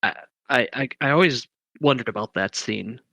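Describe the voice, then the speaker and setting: A man with a bright, forward voice wonders aloud about a film, tossing out questions and letting sentences trail away. His voice sits close to the mic in a dry recording. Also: medium pitch, moderate pace, creaky, no room sound, lo-fi sound. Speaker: podcast co-host. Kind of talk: casual movie discussion.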